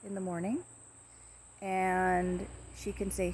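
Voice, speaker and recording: A woman casually talking to camera about her pet parrot, rambling softly with many fillers and restarts. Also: fairly low pitch, little pitch movement, normal speed, vocal fry, a little hiss or hum.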